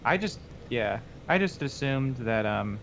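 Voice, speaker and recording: A man's voice: mid-range voice, a little slow, vocal fry, a little hiss or hum. A man co-hosting a live painting stream, talking casually about his model and cursing lightly. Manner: relaxed, drawls, swears lightly. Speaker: co-host of a miniature painting stream. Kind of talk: casual chat while painting.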